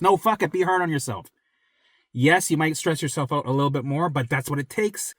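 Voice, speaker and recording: A man's voice: steady tone, fairly quick, no room sound. Blunt, swearing man coaching viewers. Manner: blunt, swears a lot, repeats himself for emphasis; drops to a low, soft, close voice when reassuring. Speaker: recovery coach. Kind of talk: direct motivational talk to viewers.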